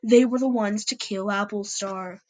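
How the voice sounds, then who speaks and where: A woman's voice: mid-range voice, fairly even intonation, unhurried, warm tone, close to an everyday voice. A woman voicing a defiant cat clan leader in an amateur story podcast, speaking in a blunt, accusing way.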